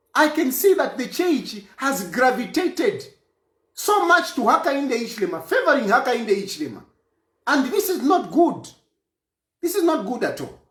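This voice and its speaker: Man, from Zambia, political statement, emphatic, repeats himself, lively pitch, echoey room. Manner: emphatic, repeats phrases for force.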